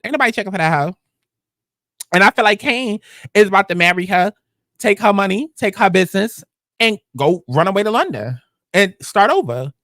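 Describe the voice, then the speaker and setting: A woman's voice: a little fast, dry recording, studio quality. A woman hosting a casual TV episode recap, talking bluntly with lots of profanity. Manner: animated, blunt and profane, with sudden jumps in pitch. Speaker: TV recap host.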